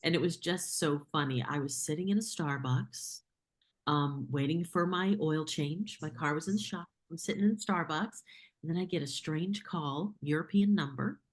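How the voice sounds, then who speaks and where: A woman with a slightly low voice tells a casual story on an interview podcast. She is animated and chatty, with plenty of fillers. She acts out what people said along the way. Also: moderate pace. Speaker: filmmaker guest.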